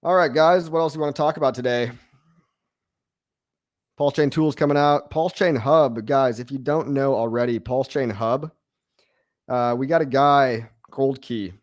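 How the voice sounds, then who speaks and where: A man's voice: medium pitch, moderate pace, no echo. Male host in his thirties, slangy, laid-back, laughs a lot, dry close sound. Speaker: crypto show host. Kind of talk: casual livestream Q&A.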